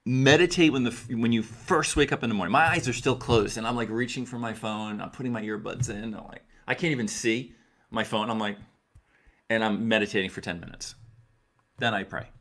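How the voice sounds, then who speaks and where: A man's voice: lowish voice, a little fast, fairly bright tone. A middle-aged man giving earnest, direct advice to his listeners, coaching them and repeating key phrases for emphasis. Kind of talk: direct-to-camera advice talk.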